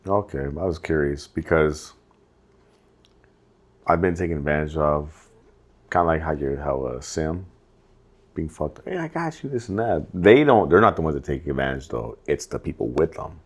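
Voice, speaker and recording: A man's voice: very deep voice, moderate pace. A young man co-hosting a podcast, telling a story in casual chat, swearing often and acting out what people said. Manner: profane, animated storytelling with acted-out quotes. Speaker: podcast co-host.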